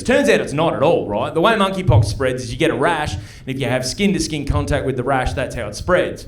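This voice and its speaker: A middle-aged man with an Australian accent, performing a stand-up comedy set in a club and telling chatty, punchy stories with quick mock voices. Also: fairly high pitch, animated, a little hiss or hum. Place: comedy club stage before a live audience.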